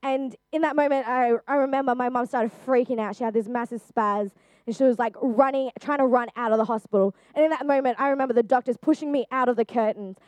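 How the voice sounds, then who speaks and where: A woman's voice: fairly high pitch, fast talker, a little mellow, dry recording. A young woman giving a personal testimony to a group, speaking earnestly and chattily with frequent fillers. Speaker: youth speaker.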